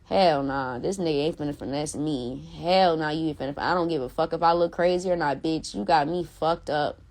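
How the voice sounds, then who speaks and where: Blunt, profane woman ranting, lower voice. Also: a little fast, a little mellow. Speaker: live-stream host. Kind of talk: heated casual rant. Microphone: phone.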